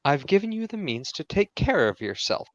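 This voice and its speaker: A man's voice: fairly high pitch, big pitch swings, normal speed, no room sound, dull audio. A man voicing an aloof male mage who lectures his pet in a dry tone. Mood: lecturing.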